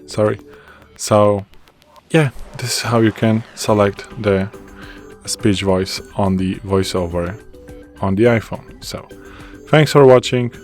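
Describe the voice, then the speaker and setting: Low-voiced man with a Polish accent. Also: takes it slowly, faint music behind. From Poland. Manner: plain, loosely worded explaining with hesitations. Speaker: tech tutorial presenter. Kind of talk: casual screen walkthrough.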